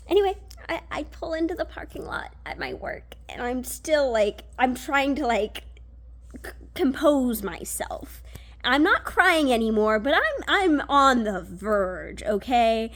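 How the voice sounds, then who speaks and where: A woman's voice: high-pitched, takes it slowly. Chatty young woman telling a story. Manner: animated retelling, frequent fillers and restarts, swears. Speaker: vlogger. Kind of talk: casual storytime.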